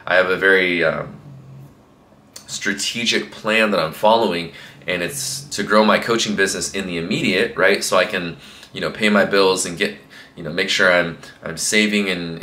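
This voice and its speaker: This young man speaks in a low, sharp voice with a steady tone at normal speed, chatting casually to camera as a fitness coach. His motivational talk rambles with frequent fillers, and the room is echoey.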